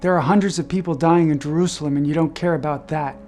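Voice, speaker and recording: A man's voice: fairly high pitch, fairly even intonation, fast talker, darkish tone, faint music behind, natural voice. A man reading the accusing lines of an indignant young woman at a gym, in a slightly lifted voice.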